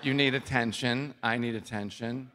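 A man hosts a relaxed interview, his voice bright and forward. He tells stories with lots of energy, breaking into laughter often and dropping the odd swear word. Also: mid-range voice, moderate pace. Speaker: podcast host. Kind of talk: casual interview chat.

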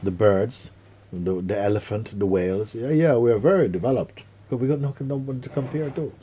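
A middle-aged man giving a spiritual talk to an audience. He speaks in an unhurried, earnest way and acts out quotes and vivid images. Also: medium pitch, dark tone, slightly rough. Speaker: spiritual teacher.

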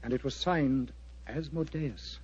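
A man's voice: mid-range voice, measured pace, a little mellow, slightly rough. An actor playing an agitated, earnest clergyman in a vintage radio drama, pleading and intense. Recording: dry, dull lo-fi old radio recording.

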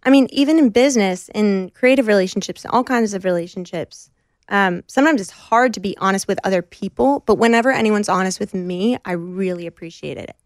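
A woman's voice: mid-range voice, a little fast, dry recording. Earnest woman, close dry sound. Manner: reflective, earnest, frequent fillers. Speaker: guest. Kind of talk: conversational interview.

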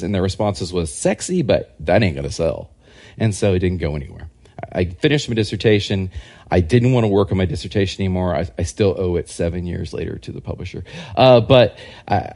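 A man, a historian and scholar, giving a casual podcast interview and telling rambling, animated anecdotes. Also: sits low. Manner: rambling, animated anecdotes that act out quoted people. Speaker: guest historian and religious scholar.

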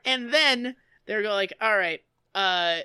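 A woman co-hosting a casual podcast, recapping a story with sarcastic, profane, animated chat. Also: medium pitch, takes it slowly, smooth. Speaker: podcast co-host.

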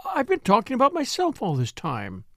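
A man reading an audiobook, voicing an excitable, chatty middle-aged wife with a gushing manner. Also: high voice, normal speed, dry recording, studio quality, exaggerated voice. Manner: gushing, exclamatory.

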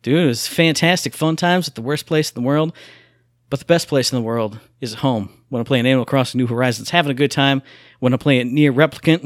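A man's voice: medium pitch, no room sound, studio quality. A man co-hosting a podcast, chatting casually and ranting with exasperated humor. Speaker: podcast co-host.

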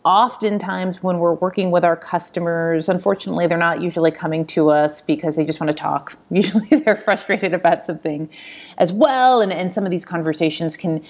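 A woman's voice: lowish voice, brisk. A woman hosting an interview who asks her guest friendly, encouraging questions. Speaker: interview host. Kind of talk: conversational interview.

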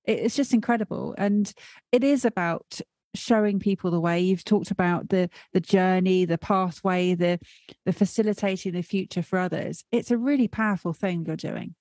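A woman interviewer responding warmly and reflectively to her guest. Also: on the low side, moderate pace, no echo. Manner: warm, effusive, reflective. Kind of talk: conversational interview.

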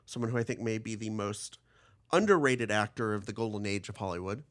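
A man's voice: lowish voice, a little fast. A man in a casual podcast chat, cracking wry, blunt jokes.

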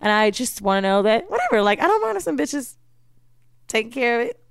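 A woman's voice: on the high side, gravelly. A woman co-hosting a podcast in casual chat, blunt and profane. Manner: blunt, profane, fast and animated, acts out quotes. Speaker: podcast co-host.

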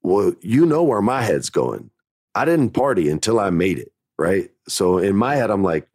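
Deep-voiced man hosting a podcast. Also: sing-song, moderate pace, darkish tone, breathy edge, no echo, clean studio sound. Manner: candid, emphatic, motivational. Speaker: podcast host. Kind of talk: casual storytelling podcast.

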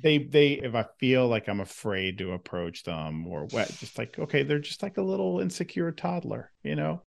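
A man's voice: moderate pace, vocal fry, a little hiss or hum. A man hosting an interview podcast, speaking casually with lots of filler phrases. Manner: casual, lots of "you know", lively swings in pitch. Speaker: podcast host. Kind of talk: conversational interview.

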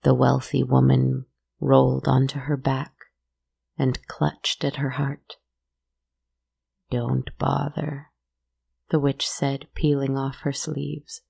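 A woman telling a dark fairy tale in a slow, measured and hushed way. Her voice is low, mellow and heavily gravelly, with little rise and fall. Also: completely flat delivery. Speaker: storyteller.

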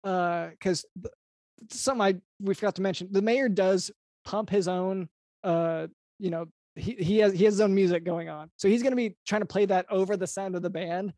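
Improv player doing a party planner, halting, mid pitch, dry close sound. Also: a little mellow, no echo. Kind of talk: improvised comedy brainstorming.

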